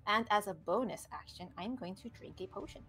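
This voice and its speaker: A woman's voice: medium pitch, lively intonation, brisk, gravelly, bright, forceful tone, faint music behind. A woman playing a tabletop game, chatty and self-mocking as she explains her turn. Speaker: player. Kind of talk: casual play at a tabletop game.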